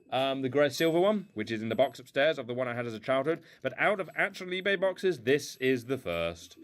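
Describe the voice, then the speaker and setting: Rambling man with a lively, swooping voice. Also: fairly high pitch. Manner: rambling, self-mocking, playful silly voices. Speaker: toy car collector unboxing. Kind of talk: casual unboxing commentary. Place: indoors at home.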